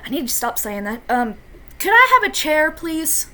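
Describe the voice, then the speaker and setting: A woman voicing a slow, apologetic, courteous elderly grandparent figure who leans on a cane. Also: high voice, sing-song, pushed and bright, pitched above the performer's own voice, heavily acted.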